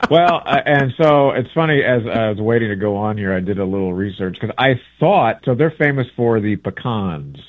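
A man's voice: on the low side, expressive, normal speed, few pauses, dry recording. Man on a tinny phone line. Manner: rambling, chatty, self-correcting. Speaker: travel book author, guest. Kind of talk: casual radio interview chat.

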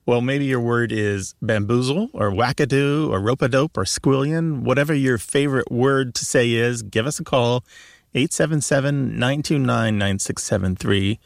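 A man co-hosts a radio call-in show, explaining things at length with restarts as he goes. His voice has a gravelly edge. It sounds close and dry. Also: mid-range voice, normal speed, no echo. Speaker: radio co-host, language expert.

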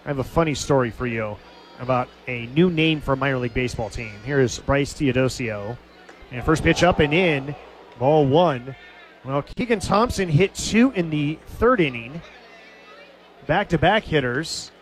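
A man calling a minor league baseball game on radio, telling a funny story between pitches and laughing at it. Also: expressive, moderate pace, faint music behind. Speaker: baseball play-by-play announcer.

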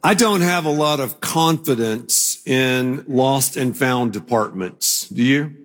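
Older pastor guy preaching slow and husky, talky storytelling then punchy, big hall echo. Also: medium pitch, expressive, faint music behind. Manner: conversational storytelling, rising to emphatic proclamation. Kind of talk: sermon.

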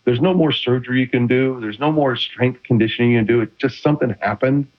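In dull, lo-fi sound, a middle-aged former quarterback talks fast at a medium pitch during a relaxed interview. His storytelling is animated and keeps restarting.

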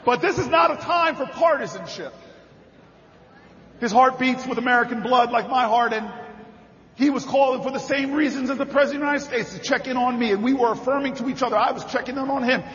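A politician telling a story and building to rally cries in an impassioned campaign speech at a convention. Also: male voice, very high-pitched, brisk, fairly bright tone. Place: large convention hall. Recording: reverberant hall, dull sound.

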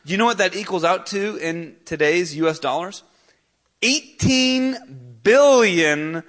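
A high-voiced male pastor delivering a sermon. He preaches earnestly and with emphasis, pushing his voice up on the points he wants to land. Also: pushed and bright.

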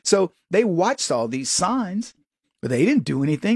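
A man's voice: moderate pace, breathy edge, no room sound, studio quality. A middle-aged American man hosting an opinionated commentary show, talking animatedly and jumping into quoted voices. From United States. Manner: animated, jumps into higher-pitched quoted voices.

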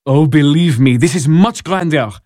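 A man's voice: on the high side, moderate pace, mellow, no room sound, studio quality, natural voice. An actor playing an eager, persuasive churchman in a radio drama. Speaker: canon assisting a bishop.

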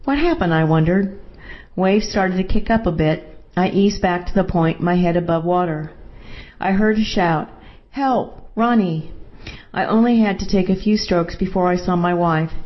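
A woman narrating a first-person story in a calm, measured way. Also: on the low side, muffled recording.

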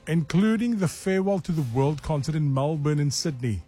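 Husky radio quiz host. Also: male voice, on the high side, expressive, brisk, warm tone, faint music behind. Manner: teasing, reads out clues and listener answers. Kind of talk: breakfast radio quiz banter.

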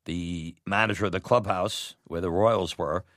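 A middle-aged man telling a personal story, animated and laughing often, acting out what others said. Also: low voice, normal speed, no room sound, studio quality. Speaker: storyteller, former batboy. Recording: music bed under voice.

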